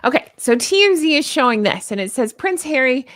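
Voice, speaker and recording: A woman's voice: fairly high pitch, big pitch swings, fast talker, fairly bright tone, no echo, studio quality. A woman hosting a casual commentary vlog, sarcastic and exasperated as she rants. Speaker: YouTube commentary host.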